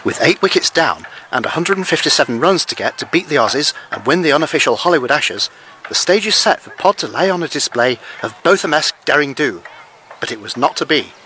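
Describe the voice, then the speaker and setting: Dry cricket commentator. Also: male voice, a little high, big pitch swings, brisk, pushed and bright, low-quality recording. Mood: wry. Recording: street noise behind.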